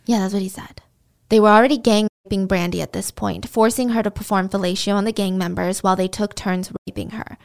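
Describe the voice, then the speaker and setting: A woman's voice: medium pitch, steady tone, a little fast, vocal fry. A woman host retelling a true crime case in a conversational way, with indignant asides. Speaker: podcast host.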